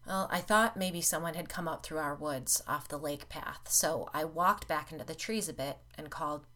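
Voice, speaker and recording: A woman's voice: low voice, normal speed, pushed and bright. A woman voicing a shaken, bitter middle-aged man in a storybook reading, with blunt, grim delivery.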